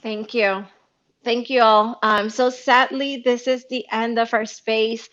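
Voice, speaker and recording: A woman from Venezuela hosting a casual audio chat, speaking emotionally with halting restarts. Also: a little high, level tone, fairly bright tone. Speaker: host. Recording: dull lo-fi audio.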